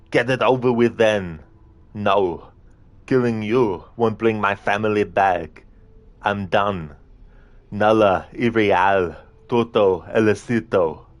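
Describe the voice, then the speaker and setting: A man doing an impression of a burly action-hero man with a heavy accent, speaking slowly and heavily. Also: medium pitch, no room sound, pitched above the performer's own voice, natural voice. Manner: slow, heavy-accented delivery.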